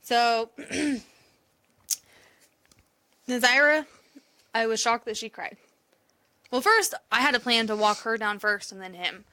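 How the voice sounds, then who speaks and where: Woman cohost on a podcast, kinda high bright voice, swears a lot and laughs while she tells stories. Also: takes it slowly, long pauses. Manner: emotional storytelling, swears freely, laughs often. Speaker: podcast co-host. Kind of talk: casual chat.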